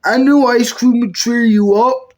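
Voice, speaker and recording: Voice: mid-range voice, steady tone, unhurried, darkish tone. A puppet video maker performing every character in a comedy skit, switching between bickering character voices.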